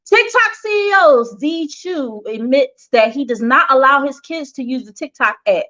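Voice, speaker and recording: A woman reads celebrity headlines in a high, bright voice and breaks off for frank, opinionated side comments. The recording sounds dull and lo-fi. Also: lively intonation, moderate pace. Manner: chatty, opinionated asides with laughs. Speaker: host reading celebrity news. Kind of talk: casual gossip news commentary.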